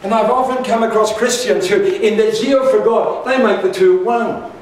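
An older pastor delivers a sermon in a fairly high voice that rings through a very echoey church hall. Recorded from a distance, he tells a personal story full of humour and quick asides, with a faint hiss underneath.

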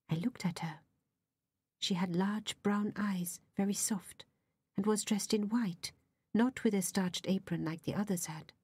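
A woman reading a novel aloud as an audiobook narrator, soft and often half-whispered. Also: medium pitch, unhurried, breathy edge, dry recording.

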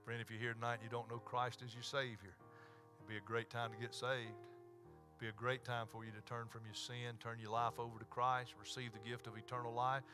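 A man's voice: mid-range voice, bright, forceful tone. A man, a pastor closing a sermon with an altar call and prayer in a pleading, repetitive preacher cadence. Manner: pleading Southern preacher cadence, repeated invitations. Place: church sanctuary.

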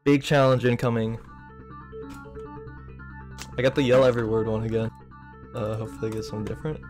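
A young man streaming a video game, chatting with viewers and reacting loudly as he plays. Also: mid-range voice, fairly quick. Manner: excitable, yelps and laughs while playing. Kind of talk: casual gaming stream chat. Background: game music.

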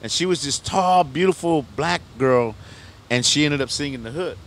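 A man's voice: on the high side, normal speed, a little hiss or hum. Laid-back man telling a long story. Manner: rambling, loose slang, frequent "you know what I'm saying", restarts and laughs. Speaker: rapper guest on a podcast. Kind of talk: casual storytelling interview.

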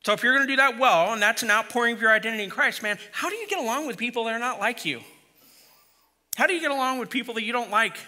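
Man, pastor, sermon, middle-aged, very bright and sharp tone, higher voice, humorous storytelling. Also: very fast. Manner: humorous storytelling, conversational and direct.

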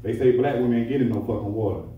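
Rapid-fire yet mellow, a medium-pitched comedian runs through a crude, profane routine on a handheld mic in a nightclub. The mic sounds far off, and the club echoes around his voice.

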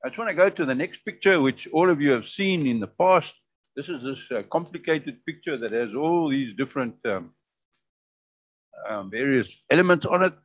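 A man hosting a public forum in a chatty, jovial way, with sudden bursts of excitement. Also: medium pitch, moderate pace. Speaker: forum host. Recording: dull lo-fi recording.

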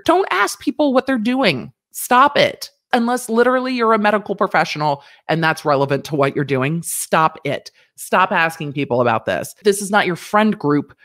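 A woman lawyer hosting a commentary show, talking frankly and animatedly, often mimicking other people in quick high voices. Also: no echo, clean studio sound. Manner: frank, swears casually. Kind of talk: commentary vlog.

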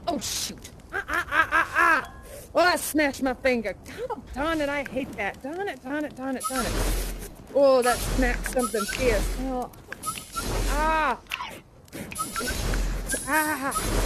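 In a live immersive theater show, an actress with a high-pitched voice plays a folksy, adventurous woman aviator. She chats and tells stories in an exclamatory way.

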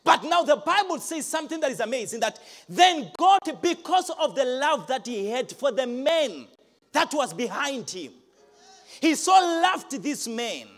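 Male pastor, live sermon, big swooping delivery that climbs to shouts. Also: very high-pitched, very animated, measured pace, soft background music. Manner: emphatic, rising to shouts, asks the crowd questions. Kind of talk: live preaching. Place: large church hall.

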